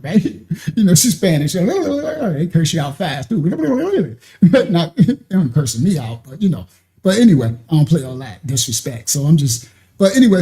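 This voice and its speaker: A man telling a personal story in a casual way, animated and often laughing. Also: sits high. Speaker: ministry speaker.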